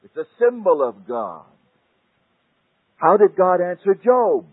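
A man preaching a sermon, swinging dramatically from loud declarations to hushed near-whispers, with a husky voice. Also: sits high, big pitch swings, slow pace. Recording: tinny phone-like old sermon tape.

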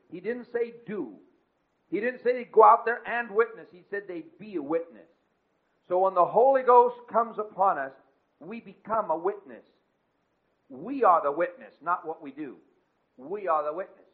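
A man preaches with a high voice that climbs to emphatic peaks and falls to quiet asides. The sound is thin and narrow, like a phone line. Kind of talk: sermon. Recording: tinny phone-like lo-fi recording.

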